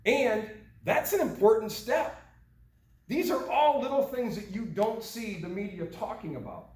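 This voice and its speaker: A man's voice: high voice, lively intonation, unhurried, darkish tone, far from the mic. Earnest older man speaking in an echoey room. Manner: earnest, rhetorical questions. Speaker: meeting speaker. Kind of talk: speech to a small group. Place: meeting room. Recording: echoey room, mic from afar.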